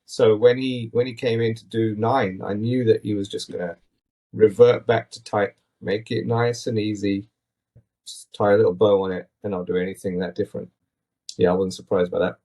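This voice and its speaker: A man's voice: fairly low pitch, level tone, moderate pace, warm tone. A man hosting a casual podcast, talking in an opinionated, rambling, critical way into a tablet mic. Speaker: podcast host.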